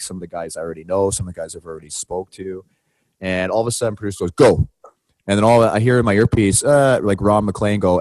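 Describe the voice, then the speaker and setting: A podcast co-host with a low-sitting voice tells a story in casual chat, animated throughout and acting out the quotes in a raised voice. The recording has no echo.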